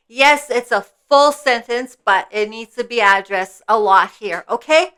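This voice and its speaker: A woman's voice: fairly high pitch, unhurried, hardly any pauses, sharp tone, clean tone. A woman in her fifties talking earnestly in a casual spiritual vlog, repeating herself and checking in with "okay?" over and over. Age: 50s. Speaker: vlogger. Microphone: personal mic.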